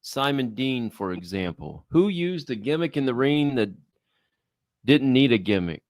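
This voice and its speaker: A man's voice: mid-range voice, lively intonation, measured pace, dry recording, studio quality. A man co-hosting a casual chat, reading viewer questions and thinking aloud hesitantly with many fillers. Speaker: co-host.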